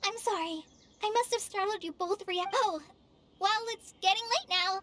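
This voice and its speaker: A woman voicing a shy, gentle young forest ranger in a video game, soft-spoken and hesitant. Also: extremely high pitch, moderate pace. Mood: flustered. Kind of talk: video game cutscene voice acting. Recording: game audio with music underneath. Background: game background music.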